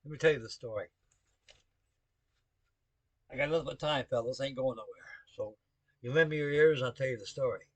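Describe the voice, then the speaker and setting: Older navy vet rambling a salty story, dry close sound, folksy talk. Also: male voice, mid-range voice, a little fast, pauses often, a bit bright, no echo. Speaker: navy veteran telling a story. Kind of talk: rambling spoken anecdote to the camera.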